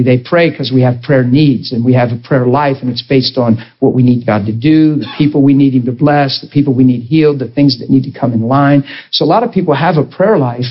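A man's voice: medium pitch, husky, dull audio. A man preaching a sermon in a conversational way, often checking in with his listeners.

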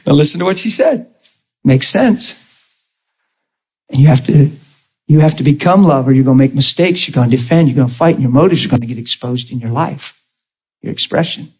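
Husky guy preaching, kinda high voice, swings up and down telling his story, dull muffled sound. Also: animated, a little fast, long pauses. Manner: passionate storytelling, voice swinging between high and low. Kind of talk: sermon.

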